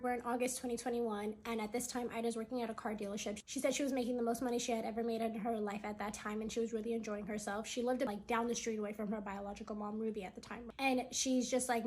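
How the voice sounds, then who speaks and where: Woman vlogger, storytime retelling, a bit high, breathy husky voice, chatty, acts out the quotes. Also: steady tone, quick pace, few pauses. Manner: chatty, full of "like" fillers, acts out quoted lines.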